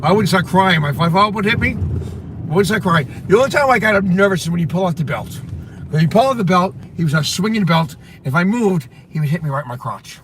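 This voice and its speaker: High, animated man rambling in a car. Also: quick pace, background noise. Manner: rambling, repeats himself, laughs at his own story. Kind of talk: casual storytelling chat.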